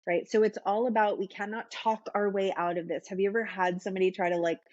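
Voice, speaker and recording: Speaking fast in a steady, medium-pitched, slightly mellow voice, a woman guest walks through trauma and the nervous system patiently and conversationally, frequently adding "right?" to check in. The audio is dull.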